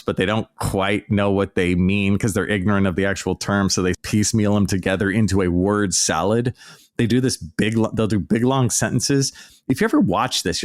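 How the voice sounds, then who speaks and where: Podcast host, male, lowish voice, sarcastic and exasperated casual rant.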